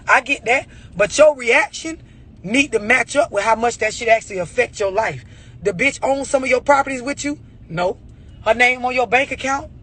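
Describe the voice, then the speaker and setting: A man's voice: very high voice, sharp tone, breathy edge. A man giving a blunt, profane motivational rant about overreacting, full of rhetorical questions. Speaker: motivational speaker.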